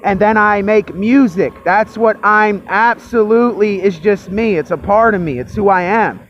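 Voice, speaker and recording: A man speaking loud into a phone held in his hand, pushing his voice as he gives a reflective monologue. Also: sits high, normal speed, slight background noise. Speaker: vlogger. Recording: lo-fi phone recording.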